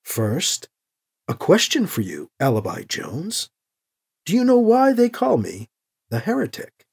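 A man reading the lines of a smooth-voiced alien leader who speaks through a translator, slow and deliberate. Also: high-pitched, huge pitch swings, full character voice. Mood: calm menace.

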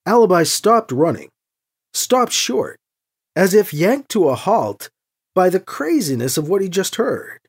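An audiobook narrator reading with expressive storytelling. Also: medium pitch, unhurried, breathy edge.

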